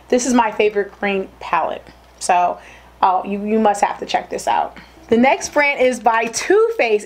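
Gushing woman in a casual makeup review. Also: on the high side. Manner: gushing, excitable, rambling with self-corrections. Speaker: beauty vlogger.

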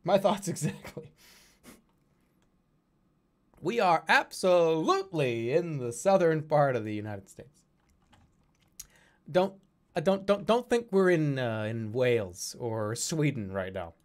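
A man streaming a geography guessing game, talking to his chat in a jokey, animated way. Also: a little high, a little slow. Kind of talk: casual live-stream commentary.

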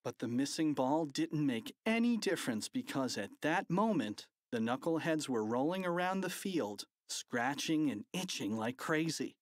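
A narrator reading a children's audiobook with an animated, playful delivery. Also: medium pitch, unhurried, hardly any pauses, dry recording, clean studio sound.

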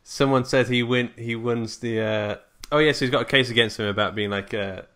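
A man's voice: medium pitch, steady tone, normal speed, a bit bright. A man, co-hosting a film podcast, recapping the plot playfully and laughing easily. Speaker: podcast co-host. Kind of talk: casual film chat.

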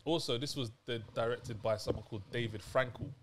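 A man's voice: medium pitch, steady tone, fairly quick, noisy background. A man co-hosting a film review podcast, easygoing and hesitant in casual chat. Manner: easygoing, hesitant with many ums.

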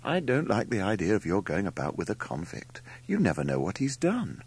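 A man's voice: lowish voice, huge pitch swings, a little fast, husky, exaggerated voice. A man voicing an anxious, fussy middle-aged mother who speaks in a flustered, quavering way.

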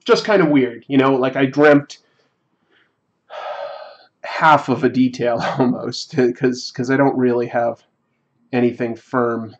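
A man's voice: medium pitch, fairly even intonation, muffled recording. Rambling man telling a story on a livestream. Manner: rambling, reflective, halting. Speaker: livestream host. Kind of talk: casual storytelling while drawing on a livestream.

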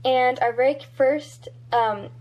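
A woman's voice: high voice, takes it slowly, highs cut off. A woman chatting casually to her camera as a vlogger, her speech slightly altered by a dental retainer, upbeat and full of ums and little giggles. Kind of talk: casual vlog chat to camera. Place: at home by her closet.

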